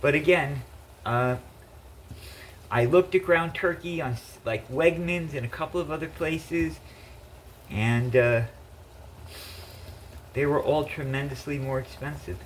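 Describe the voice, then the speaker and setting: A man's voice: fairly high pitch, measured pace, pauses often, slight background noise, poor audio. A man casually chatting in his home kitchen while cooking, rambling with lots of fillers. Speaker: home cook vlogger.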